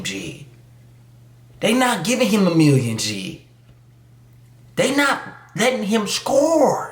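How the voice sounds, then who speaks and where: With a slightly high voice captured in a roomy space, this YouTube commentator offers an emphatic, casual monologue. He leans on street slang and mocking asides, slipping into mock voices.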